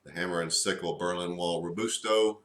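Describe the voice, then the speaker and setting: A man reviewing a cigar in a slow, halting way with many fillers. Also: low voice, steady tone, a bit bright, reverberant. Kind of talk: casual review.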